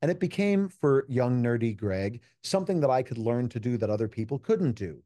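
Speaking a little fast with big swings in pitch, this US keynote speaker and juggler guests on a podcast, his medium-pitched voice mellow. In a relaxed interview he reflects earnestly through stories, acting out quoted exchanges. There's no room sound, and the audio is studio grade.

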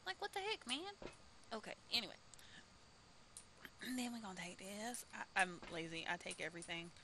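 A woman streamer, chatting casually and reacting loudly as she plays a ghost-hunting game, sometimes whispering. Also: medium pitch, expressive, normal speed, slight background noise, poor audio. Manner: chatty, easily startled, swears and jokes; drops into whispers at times. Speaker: gaming streamer. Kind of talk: casual gameplay commentary.

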